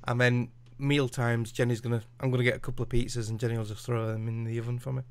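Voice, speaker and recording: A British man in a casual podcast chat, relaxed and quick to laugh. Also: mid-range voice, smooth.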